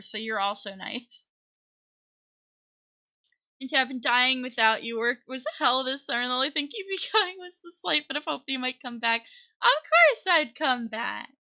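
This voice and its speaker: A young woman streamer talks to her chat in a high, very bright voice, giggling and flustered. She sounds teary and close to crying, and her pace is slow and unhurried. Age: young adult. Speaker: VTuber streamer. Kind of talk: casual live-stream chat.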